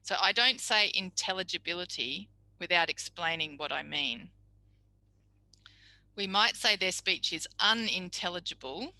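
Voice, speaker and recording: A woman's voice: on the low side, lively intonation, measured pace, bright, forceful tone, dry recording, rough recording. A woman teaching a speech pathology tutorial, chatty and explanatory, acting out examples. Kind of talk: recorded tutorial lecture.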